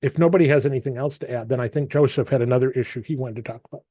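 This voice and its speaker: A man's voice: medium pitch, dark tone, dry recording. A man chairs a casual online meeting, speaking over a video call in a dry, close sound. He often stumbles and repeats words as he works through his thoughts. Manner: halting, repeats words while thinking. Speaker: meeting facilitator.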